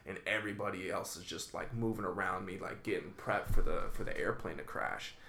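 A man's voice: sits low, fairly quick, vocal fry, bright, forceful tone, echoey room, a little hiss or hum. A man in a laid-back chat, telling a story with lots of swearing and filler words.

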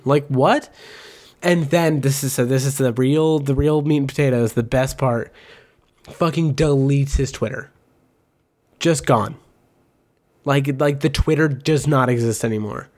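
Rambling, swearing casual host. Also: male voice, mid-range voice, unhurried, long pauses. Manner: rambling and animated, heavy swearing, many fillers; mimics other people's voices in quotes. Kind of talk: casual commentary.

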